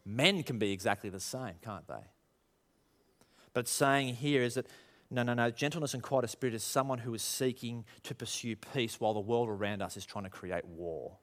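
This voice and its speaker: A man preaching a sermon, animated and full of rhetorical questions, acting out quoted voices. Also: mid-range voice, normal speed. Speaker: pastor.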